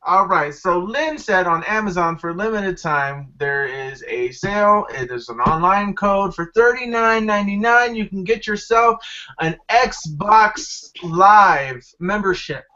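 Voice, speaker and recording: A man's voice: high voice, unhurried, noisy background. A man hosting a casual gaming podcast, rambling, giggling and apologizing as he introduces his co-hosts. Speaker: podcast host. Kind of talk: casual chat. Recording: dull lo-fi podcast audio.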